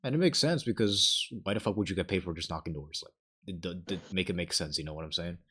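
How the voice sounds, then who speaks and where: A man's voice: low voice, fast talker, a bit bright, slightly rough. A young man chatting casually as a podcast co-host, telling rambling stories full of swearing and acted-out quotes. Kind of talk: casual chat.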